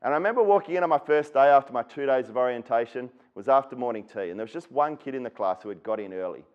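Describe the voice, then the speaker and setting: An Australian man speaks at an education symposium, telling a personal story in an earnest, straightforward way. His voice sits at an ordinary pitch for a man. The recording sounds somewhat dull and lo-fi. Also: animated, fast, darkish tone. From Western Australia. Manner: earnest storyteller who acts out quoted people. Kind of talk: personal storytelling keynote talk.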